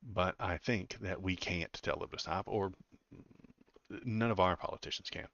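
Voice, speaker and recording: A man giving live political commentary on his stream, sardonic and halting, with many fillers and repeated words. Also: deep voice, vocal fry, fairly bright tone, dull audio.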